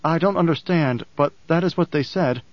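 A man's voice: fairly high pitch, normal speed, dry recording, close to an everyday voice. Guy doing a loyal desert fighter, plain respectful talk, dry close sound. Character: male desert warrior, loyal and plain-spoken. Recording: dull, dry audiobook sound.

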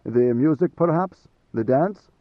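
A man's voice: on the high side, lively intonation, no echo, narrow, tinny audio. A man playing a whining servile village elder. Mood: obsequious. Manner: slow, wheedling, querulous when offended.

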